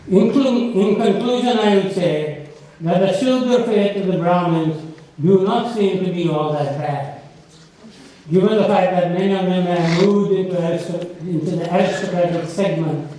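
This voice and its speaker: An older man giving an academic lecture in an auditorium. He talks in an unhurried, digressive way and often adds "you see". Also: high voice, mellow, slight background noise. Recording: echoey hall from a distant mic.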